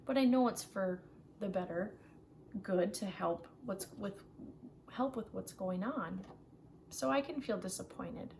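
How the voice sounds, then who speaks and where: A woman teaching a children's social skills group online, talking in a gentle, encouraging way and often checking in with "right?". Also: mid-range voice, a little slow, gravelly, slight background noise. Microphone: home computer mic for a virtual class.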